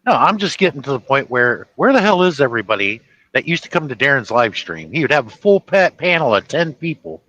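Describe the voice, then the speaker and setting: Man, livestream host, chatty storyteller, bright forceful tone, dry close sound. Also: medium pitch, very animated, no room sound, highs cut off. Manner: laughing storyteller doing quick impressions of characters. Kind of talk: casual chat, retelling movie scenes.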